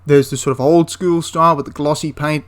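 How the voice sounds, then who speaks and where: A man's voice: fairly high pitch, fairly even intonation, fairly quick. A man giving a casual, enthusiastic spoken review of a tabletop wargame, rambling into asides and restarting his sentences.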